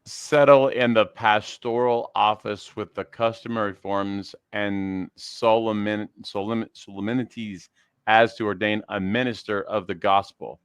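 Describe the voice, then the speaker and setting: A man co-hosting who reads dictionary entries aloud in a hesitant, halting way. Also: lowish voice, steady tone, smooth, no echo. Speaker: co-host.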